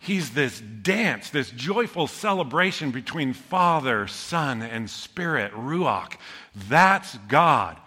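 A middle-aged man preaching a sermon, telling stories in a lively, joking way. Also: medium pitch, slow, slightly rough. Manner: storytelling, animated, self-deprecating humor. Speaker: pastor. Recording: long hall reverb.

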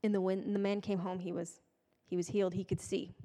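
A woman's voice: medium pitch, little pitch movement, a little fast, mellow. A woman giving a casual, conversational sermon with playful, self-deprecating asides. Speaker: preacher. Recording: long hall reverb.

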